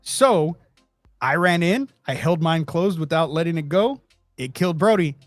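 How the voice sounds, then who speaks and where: Man, podcast host, slightly high voice, dry close sound, faint music underneath, swearing storyteller. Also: normal speed, dry recording. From Texas. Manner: profane, animated storytelling with mock quotes. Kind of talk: casual storytelling chat.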